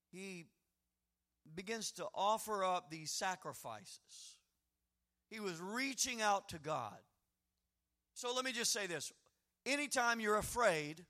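A male pastor preaching a sermon in a folksy, animated way, acting out prayers and quoted voices. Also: high-pitched.

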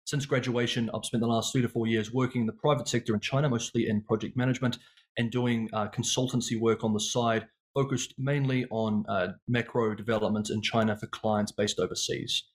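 A man in his thirties with a New Zealand accent speaks as an interview guest. He explains things in a polite, measured way, at a middle pitch. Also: fairly even intonation. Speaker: guest, China consultant. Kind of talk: casual interview.

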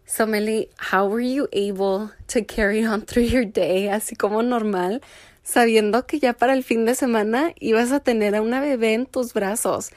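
A woman interviewer asks gentle, curious questions in a relaxed conversation. Her voice is fairly high and recorded dry, with no room around it. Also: a little fast, no room sound.

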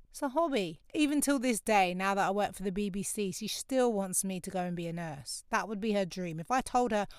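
A woman's voice: mid-range voice, smooth, no echo, studio quality. A young woman, hosting her own podcast in a candid, chatty solo monologue and laughing easily. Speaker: podcast host.

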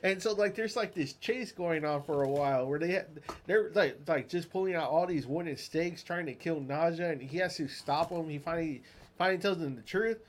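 A man's voice: fairly high pitch, moderate pace, slight background noise. A man with a slightly raised voice chats loosely as he recaps an episode. He laughs often and slips in little voices for the characters as he retells the scenes. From Mexico. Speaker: podcast co-host. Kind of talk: casual chat recapping a TV episode.

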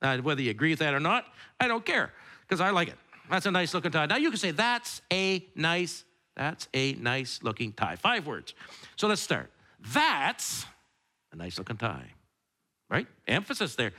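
A middle-aged male preacher whose voice rises and falls a lot. His tone is bright and forward. He stumbles and repeats words and drifts into chatty asides. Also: high-pitched, big pitch swings, normal speed. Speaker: pastor. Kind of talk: sermon with opening prayer.

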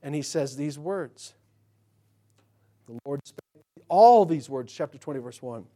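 A man preaching in a loose, conversational way. He drops into soft asides, then jumps to loud, emphatic bursts. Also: a little high, lively intonation, measured pace, long pauses. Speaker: pastor. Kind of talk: sermon.

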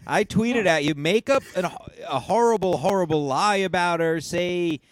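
A podcast host with a somewhat raised pitch for a man. He fires off crude, provocative questions at his guest in loose banter. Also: measured pace, no echo.

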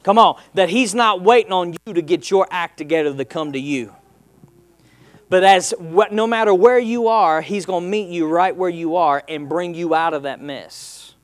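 A man's voice: sits high, moderate pace, no echo. A man preaching a sermon as pastor, calling out to the congregation and building in intensity. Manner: call-and-response preaching, rising in intensity.

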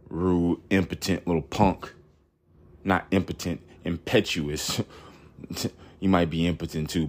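Deep-voiced man telling a crude story. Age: 30s. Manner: rambling, blunt and crude, with frequent fillers. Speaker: podcast host. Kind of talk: profane storytelling monologue.

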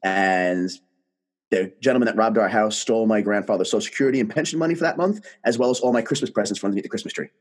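A man, a guest telling his story in casual conversation, animated and emphatic. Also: on the low side, fast.

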